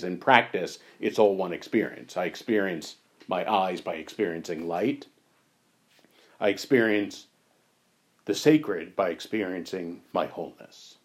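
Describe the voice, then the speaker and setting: A man leading a reflective discussion on spiritual teachings, thoughtful and unhurried, his voice going hoarse. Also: deep voice. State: losing his voice. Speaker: discussion leader.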